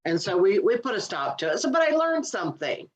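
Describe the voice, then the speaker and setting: A woman's voice: medium pitch, very animated, brisk. A woman co-hosting a comedy podcast, chatting casually and rambling with lots of fillers. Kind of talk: casual chat.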